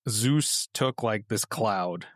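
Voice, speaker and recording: A man's voice: fairly low pitch, slow, no room sound, clean studio sound. A man chatting on a podcast as a guest, telling a myth in a loose, rambling way with lots of fillers. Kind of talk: casual chat.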